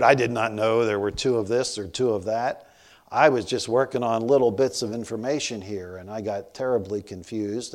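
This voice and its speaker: A man in his sixties preaching, telling a funny story about himself and often laughing as he goes. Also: lowish voice. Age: 60s. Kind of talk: storytelling sermon.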